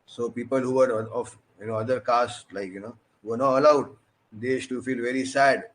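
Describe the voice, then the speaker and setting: A man giving a storytelling sermon as a preacher, animated and often asking questions of his listeners. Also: mid-range voice, normal speed. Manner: animated, with many "you know" fillers and questions to the audience.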